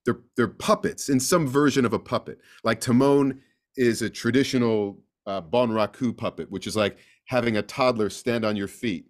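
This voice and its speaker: A man speaking as a guest actor in a casual interview, an animated storyteller who slips into acting out voices. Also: mid-range voice, normal speed.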